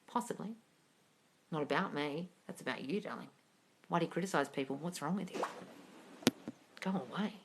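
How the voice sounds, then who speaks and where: A woman's voice: low-pitched, lively intonation, moderate pace, pauses often, slight background noise. A woman coaching viewers on manifesting in a livestream Q&A, blunt and swearing freely while calling everyone darling. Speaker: manifesting coach answering live comments. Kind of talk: livestream Q&A reading comments.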